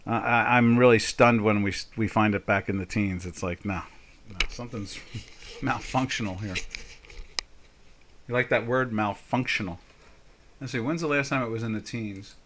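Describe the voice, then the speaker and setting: A man's voice: on the low side, brisk, a bit bright, a little hiss or hum. An older man hosting a live trading session, giving casual market commentary with folksy, jokey asides and mock exasperation. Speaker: trading webinar host.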